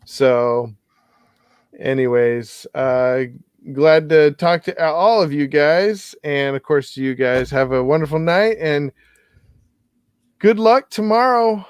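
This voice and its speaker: A man hosting a podcast in casual sports chat, upbeat and quick to laugh. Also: fairly high pitch, clean tone, dry recording. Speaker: podcast host. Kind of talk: casual fantasy football chat.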